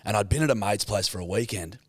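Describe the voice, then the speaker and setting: A man in his thirties with an Australian accent, co-hosting a podcast and telling stories in a loose, animated way with plenty of swearing. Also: lowish voice, fast, no room sound. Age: 30s. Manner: swears freely, animated storyteller. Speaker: podcast co-host. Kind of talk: casual storytelling chat.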